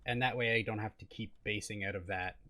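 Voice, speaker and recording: A man's voice: lowish voice, steady tone, fairly quick, bright, forceful tone, dry recording. A man giving casual gameplay commentary, rambling and self-deprecating, often trailing off mid-sentence. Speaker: gaming video creator.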